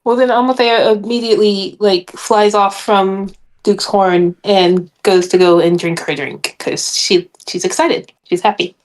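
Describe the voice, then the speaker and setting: A woman's voice: mid-range voice, fairly even intonation, a little slow, rough recording. Cheerful, giggly woman player. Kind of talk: tabletop role-play chat.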